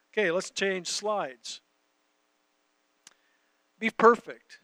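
A man's voice: on the high side, a bit bright, smooth, no echo. A man preaching a conversational sermon, reading scripture and talking directly to his audience. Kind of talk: sermon teaching.

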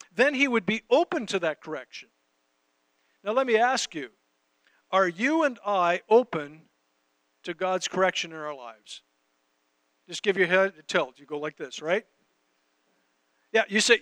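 A man's voice: high-pitched, lively intonation, measured pace, long pauses, bright, forceful tone, no echo. A man preaching a conversational sermon, reading scripture and talking directly to his audience. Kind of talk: sermon teaching.

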